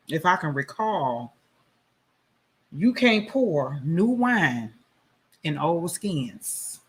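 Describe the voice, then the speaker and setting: Guy on a live stream, kinda high bright voice, blunt and preachy, cusses a lot. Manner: blunt, profane and preachy, talks straight to his viewers. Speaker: livestream host. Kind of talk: casual live-stream talk reacting to a song.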